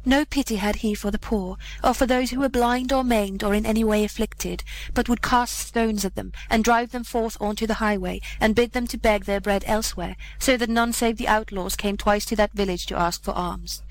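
A woman reading an old fairy tale aloud in a measured, gentle storytelling manner. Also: on the high side, low-quality recording. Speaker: narrator.

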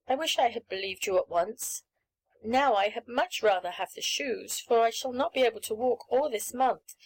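A woman's voice: fairly high pitch, natural voice, low-quality recording. A woman voicing an eager, pleading little girl in a storybook reading, with a raised, earnest voice.

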